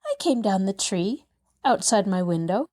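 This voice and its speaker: A woman voicing a cheerful, eager little girl who talks in a bright, earnest way. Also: medium pitch, animated, moderate pace, lightly acted.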